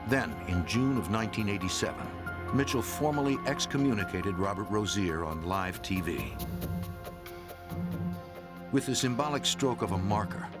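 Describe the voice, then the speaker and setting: A man narrates a true-crime documentary in an even, serious tone, his voice sitting a little low. Loud music plays clearly beneath his scripted delivery. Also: normal speed.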